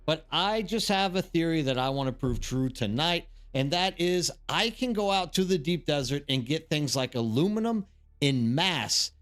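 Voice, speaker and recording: An energetic man hosts a live game stream, chatting loosely with his viewers and greeting them by name. His voice sits a little on the high side for a man. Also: moderate pace.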